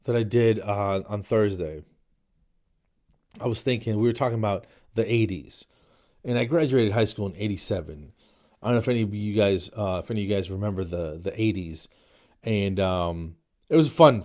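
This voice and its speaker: A man's voice: lowish voice, darkish tone. A man in his forties, from New Jersey, hosting a podcast in a jokey comedic monologue that he peppers with "man" and "dude". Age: 40s. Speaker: podcast host.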